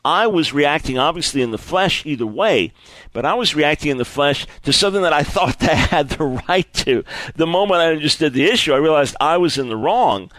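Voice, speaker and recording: Animated, earnest male preacher. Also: a little high, fairly quick, dry recording. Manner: earnest, animated, repeats himself and stumbles on words. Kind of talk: sermon.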